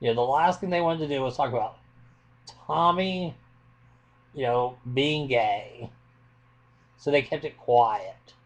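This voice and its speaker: A man's voice: mid-range voice, measured pace, long pauses. A man ranting into his webcam at home, blunt and impassioned, swearing freely. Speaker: vlogger. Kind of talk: webcam rant.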